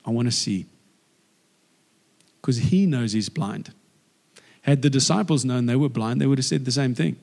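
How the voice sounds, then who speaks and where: A man giving a lively, conversational sermon and acting out the people in the story. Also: medium pitch, normal speed, creaky. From South Africa. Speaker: guest preacher. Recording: long hall reverb.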